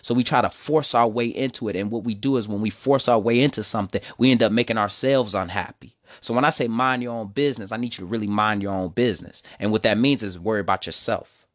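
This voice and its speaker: A man's voice: on the low side, quick pace, no room sound, studio quality. A young man telling a personal story, emotional and preachy. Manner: emotional, preachy, repeats "see, the thing is".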